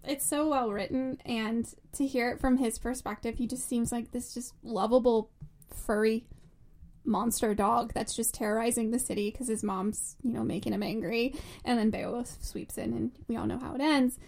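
Woman, casual book chat, enthusiastic, laughs often, slightly high voice. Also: steady tone, normal speed, a little mellow. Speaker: book discussion co-host.

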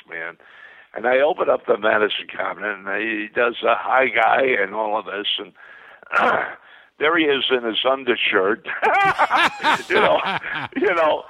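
As an interview guest, an older man with a gravelly voice rambles through long anecdotes, full of restarts and repeated words, swept along by excitement at a middling pitch. The audio is dry and thin like a phone line, with no echo.

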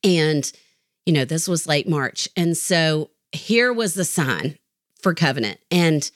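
A woman's voice: deep voice, lively intonation, slow pace, no echo, studio quality. A middle-aged woman therapist, a podcast guest, talking in an earnest, reflective way and telling stories. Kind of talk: podcast interview conversation.

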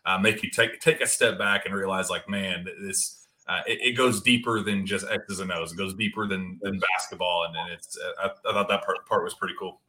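A man hosting a sports podcast, chatting casually, quick and enthusiastic. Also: low-pitched, steady tone, sharp tone. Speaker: podcast host.

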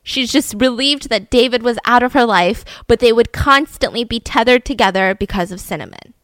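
Brief: higher-voiced woman host, lively storyteller, close dry mic. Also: normal speed, no echo. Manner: animated, acts out quoted voices. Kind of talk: casual storytelling chat.

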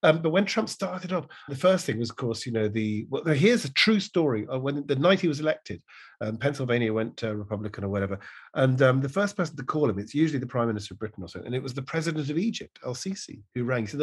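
A man in casual conversation, an animated storyteller who keeps slipping into voices as he tells anecdotes. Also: mid-range voice, quick pace, slightly rough. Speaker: guest, impressionist.

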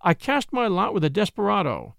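Spirited young society woman, storybook, male narrator raises his voice. Bouncy, lively delivery, dry close recording. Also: brisk, vocal fry, no room sound, heavily acted. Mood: cheerful. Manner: raises pitch, lively and gentle.

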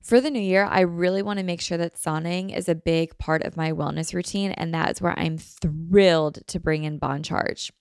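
Young woman podcast host, gravelly low-ish voice, dry close sound, chatty and rambling. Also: normal speed, hardly any pauses, no echo. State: morning voice. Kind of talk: casual chat podcast. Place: her apartment.

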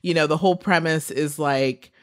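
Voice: mid-range voice, steady tone, normal speed, clear, resonant tone. Speaker musing casually about old movies. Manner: meandering, hedging, laughs while talking. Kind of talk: casual chat.

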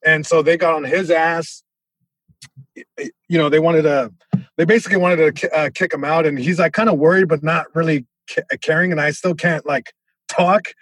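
A young man tells a story on a podcast, acting out other people with sudden loud bursts. His voice sits a little high and has a husky grain. The sound is dry and close, with no room around it. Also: steady tone, normal speed, no room sound. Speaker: comedian guest. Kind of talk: casual storytelling.

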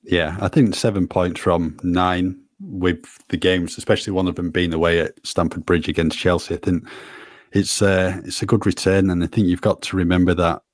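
A man co-hosting a football podcast, talking in a steady, deadpan way. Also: low voice, moderate pace, no echo, studio quality. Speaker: podcast co-host. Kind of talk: casual football chat.

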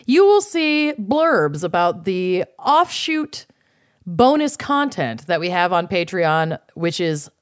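A woman's voice: lowish voice, big pitch swings, slow pace, dry recording, clean studio sound. A woman co-hosting a podcast in casual chat, explaining a new bonus show with playful asides. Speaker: podcast co-host.

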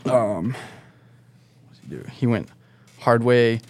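Gravelly laid-back young man rambling. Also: mid-range voice, animated, slow, darkish tone. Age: young adult. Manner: rambling, laid-back, filler-heavy with "like" and "dude". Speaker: guest snowboarder. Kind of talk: casual podcast storytelling.

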